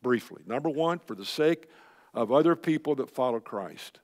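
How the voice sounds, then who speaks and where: A man's voice: mid-range voice, expressive, normal speed. An older man preaching a sermon at a men's luncheon, folksy and emphatic, firing off rhetorical questions. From Texas. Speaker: Christian speaker at a men's luncheon. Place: luncheon hall. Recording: long hall reverb.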